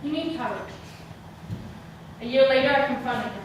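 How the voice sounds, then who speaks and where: A young adult woman, a student performer, delivers a solo monologue on a theater stage before a live audience, dramatically swinging from hushed tones to shouting. Her high, bright voice has lively intonation at a normal speed. A distant mic captures echoey hall sound along with background noise.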